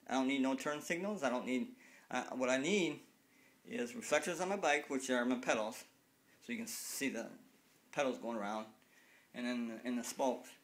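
A man's voice: medium pitch, a bit bright. A man in his late fifties ranting to a phone camera, angry and repetitive, swearing freely. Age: 50s. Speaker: cyclist vlogger. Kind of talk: casual rant to camera.

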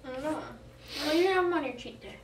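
A woman's voice: high voice, a little fast, a crowd in the background. A young woman giving short, dry replies in casual chat at home, off camera. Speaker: vlogger's partner. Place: student apartment at home. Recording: roomy and distant from mic.

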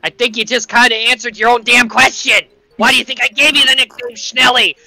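A man's voice: extremely high pitch, flat delivery, a little fast, pushed and bright, faint music behind. A man chatting in a group voice call, answering in a blustering, mock-indignant way. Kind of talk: casual chat.

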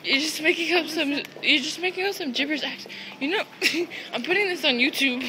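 A woman's voice: high voice, a little fast, sharp tone. A young woman filming a family home video at an airport, teasing and giggling as she talks. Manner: giggly teasing, frequent laughter. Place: busy airport terminal. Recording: noisy airport background.

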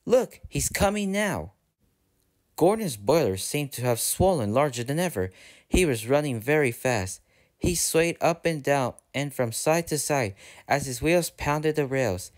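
A man narrating a storybook aloud in a steady, even read-aloud manner. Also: mid-range voice, a little slow. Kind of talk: storybook reading.

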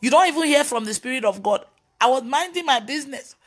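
Speaking fast in a high voice, a woman pastor delivers a sermon on a live video. Her storytelling is animated, full of imitated voices, and she scolds her listeners with emphatic exclamations.

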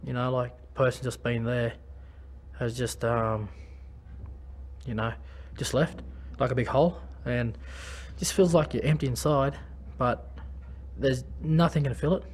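Australian man, former league player, candid testimony. Halting, restarts, level tone. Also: medium pitch, fairly even intonation, a little mellow, breathy edge. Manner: halting, many restarts and fillers. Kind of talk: personal testimony.

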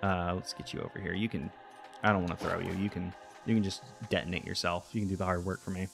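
A man's voice: deep voice, little pitch movement, quick pace, vocal fry, music in the background. A man casually commenting on his video game, rambling, joking at his own expense and talking to the creatures on screen, his voice a little worn. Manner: rambling, self-mocking, talks to game creatures. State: voice getting worn. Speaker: let's play host.

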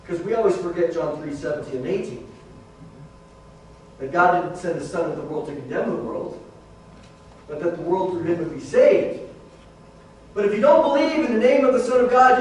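A man's voice: sits high, moderate pace, long pauses. A man preaching a sermon as pastor, in a conversational way that keeps calling the listeners "guys". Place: large church sanctuary. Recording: very echoey hall, voice from far off.

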